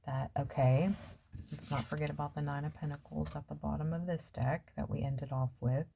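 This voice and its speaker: A woman's voice: sits low, level tone, normal speed, vocal fry, mellow, a little hiss or hum. A woman giving a casual tarot reading, musing aloud and trailing off with fillers as she turns over cards. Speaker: tarot reader.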